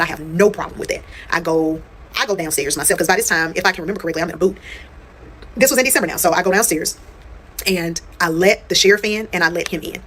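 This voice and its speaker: A woman's voice: lowish voice, fairly bright tone, slightly rough. A woman telling a personal story in casual storytime style. She talks straight to her viewers, swears freely and repeats phrases for emphasis.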